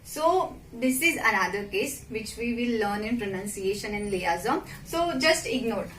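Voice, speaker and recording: A woman teaching a simple French lesson, slow and patient, often checking with the listener. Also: on the high side, expressive, fairly bright tone. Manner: slow and patient, repeats and checks with "okay?" and "right?". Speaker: French teacher, channel host. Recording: echoey room with faint background noise.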